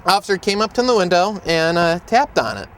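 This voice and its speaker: A man, an autism speaker and educator, tells stories in a humorous, lively way while presenting to camera outdoors. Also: high-pitched, fairly quick, slight background noise.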